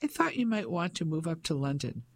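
A man's voice: a little high, very animated, fairly quick, gravelly, heavily acted. A man voicing a pompous fifty-five-year-old businessman in an audiobook, speaking in a blustering, patronizing way. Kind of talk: audiobook character voice.

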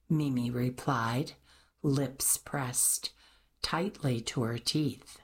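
A woman narrating a novel in a measured, even manner. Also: a bass voice, breathy edge. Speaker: audiobook narrator. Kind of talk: scripted narration.

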